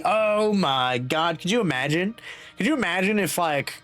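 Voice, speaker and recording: A man's voice: sits high, expressive, moderate pace, sharp tone, faint music behind. A young man streaming a game, rambling animatedly and laughing often between reading parts aloud. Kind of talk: game playthrough commentary.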